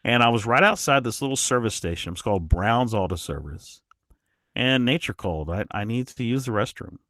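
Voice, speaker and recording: A man's voice: medium pitch, a little fast, no room sound. Man telling a story on a dry mic. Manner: animated storyteller, frequent restarts. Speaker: podcast guest. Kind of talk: casual storytelling.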